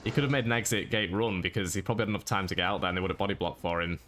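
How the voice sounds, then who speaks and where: A man giving a monotone, matter-of-fact voice-over commentary on his own gameplay. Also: deep voice, very fast. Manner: monotone delivery. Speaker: gaming YouTuber.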